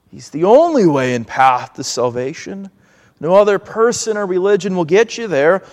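A man preaching a sermon in an earnest, measured way, now and then acting out pleading voices. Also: high-pitched, in a large hall.

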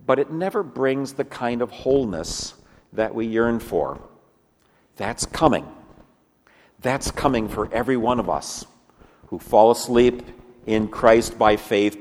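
A man preaching a sermon in earnest, swinging from lively emphasis to hushed, low passages. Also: in a large hall. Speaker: pastor.

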